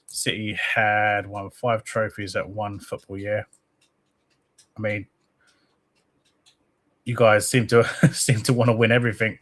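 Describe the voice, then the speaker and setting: A man's voice: on the low side, level tone, a little slow, long pauses, fairly bright tone. Man hosting a casual football live stream; rambling, chatty, reads viewers' comments aloud. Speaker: host of a football fan channel.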